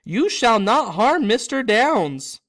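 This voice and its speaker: A man voicing a small, devoted male house-elf in a shrill, high, slow and emphatic voice. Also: big pitch swings, a bit bright, heavily acted.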